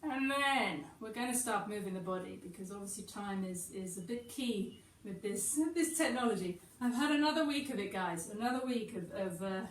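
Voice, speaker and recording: A woman teaching a guided yoga class, talking calmly and chattily with gentle encouragement. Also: medium pitch, normal speed, hardly any pauses. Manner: calm, chatty and encouraging, with soft asides. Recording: echoey room, distant mic, faint hiss.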